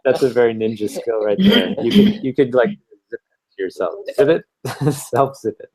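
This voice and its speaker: Male co-host, mid-pitch, relaxed and chuckling advice-giver. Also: moderate pace, a crowd in the background. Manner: easygoing, laughs between points. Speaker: podcast co-host. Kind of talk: relationship advice chat.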